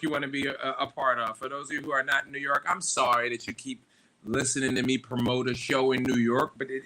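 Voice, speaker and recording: A man with a bright, forceful voice hosting a live stream. He talks casually and loosely, with plenty of fillers and swearing, drifting from one story to the next. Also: mid-range voice. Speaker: podcast host.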